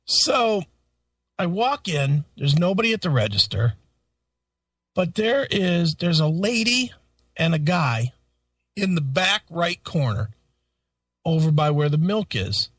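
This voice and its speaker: A man's voice: fairly high pitch, measured pace, pauses often, breathy edge, no echo, distant mic. A man co-hosting a radio show, telling a story in a profane, casual way, swearing constantly and laughing as he talks. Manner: animated, swears constantly, laughs through stories. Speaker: radio co-host.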